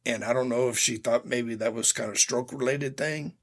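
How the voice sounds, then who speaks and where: A man shares his faith testimony with a gravelly edge and a husky, slightly rough tone. He tells it earnestly and from the heart, and he addresses his listeners directly, the way a man speaks to his congregation. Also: medium pitch, fairly even intonation, fairly quick. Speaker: speaker giving a personal testimony.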